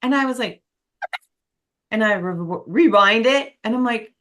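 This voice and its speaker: A woman's voice: a little high, expressive, measured pace, a bit bright, slight background noise. A woman hosting a podcast interview, candid and enthusiastic, laughing easily as she talks. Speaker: podcast host. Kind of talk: casual interview chat.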